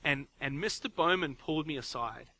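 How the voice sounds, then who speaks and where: A man in his forties delivers a sermon in a relaxed, talky way, stumbling over and repeating his words as he goes. His voice sits a little high for a man and rings bright and forceful. He slips into little acted-out quotes of parents talking to their kids. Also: moderate pace, rough recording. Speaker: pastor.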